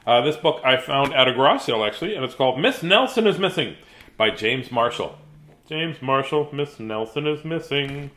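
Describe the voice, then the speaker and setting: Expressive and a bit bright, this medium-pitched man's voice moves at a moderate pace. He's in his fifties, doing a casual live reading of a children's book, with chatty, jokey digressions between the pages.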